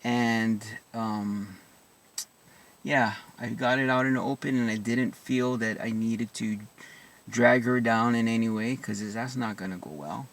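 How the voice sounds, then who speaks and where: A man talking through his own marriage struggles in a halting, reflective monologue, full of restarts and soft asides. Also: mid-range voice, steady tone, recorded from a distance. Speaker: vlogger sharing personal experience.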